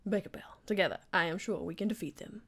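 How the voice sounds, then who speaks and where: A woman with a Southern accent voicing a proud older male Southern gentleman chef, talking in an earnest, grandiose way. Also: mid-range voice, quick pace, gravelly, breathy edge. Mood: warm.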